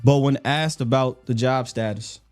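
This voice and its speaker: A man's voice: medium pitch, steady tone, normal speed, a little mellow, faint music behind. A man hosting a casual sports talk show, speaking in a sarcastic, mocking way. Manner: sarcastic, mocking, puts on quoted voices. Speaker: sports podcast host.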